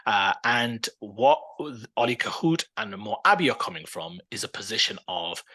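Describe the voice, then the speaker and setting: A man co-hosting a podcast, talking football in a casual, animated and opinionated way, with plenty of fillers and restarts. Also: fairly low pitch, normal speed. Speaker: podcast co-host.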